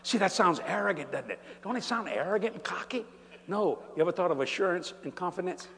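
Older man, preacher, sermon, high-pitched, animated, joking, long church reverb. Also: brisk, gravelly. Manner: animated, building to shouts, folksy humor. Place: large church.

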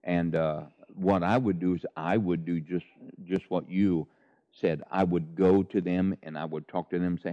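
A man's voice: deep voice, fairly even intonation, normal speed, lo-fi sound. A man, a minister, talking about faith in a casual, folksy way and telling stories. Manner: folksy, storytelling, laughs while talking. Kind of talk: casual religious discussion.

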